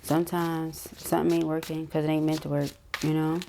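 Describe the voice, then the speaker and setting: A woman talks through a tarot reading. Her voice sits low and very gravelly, with a mellow, dark tone. She stays chatty and emphatic and keeps turning to her viewers. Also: flat delivery, brisk, slight background noise. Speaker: tarot reader. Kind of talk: casual spoken tarot reading.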